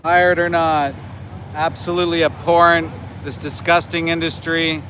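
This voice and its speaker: A man in his forties streams live from a phone outdoors, with faint street and traffic noise around him. His voice sits high and bright, and he talks at an unhurried pace. He needles his viewers with sarcasm and scolding. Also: flat delivery. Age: 40s. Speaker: livestreaming activist. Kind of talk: livestream chat with viewers. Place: outdoors near a slaughterhouse by homes.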